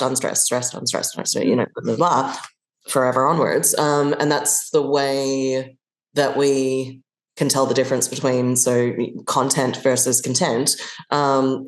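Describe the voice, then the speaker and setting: Low-voiced woman in an echoey room. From Australia. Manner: thoughtful, restarts often, acts out examples. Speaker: guest actor. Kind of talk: conversational podcast interview.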